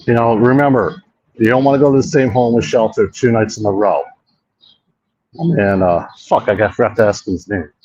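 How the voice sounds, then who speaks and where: A man's voice: lowish voice, a little mellow, muffled recording, a little hiss or hum. A man hosting a casual walk-and-talk vlog outdoors, rambling, swearing a lot and mocking himself. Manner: rambling, profane, self-mocking. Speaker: host. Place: outdoor park.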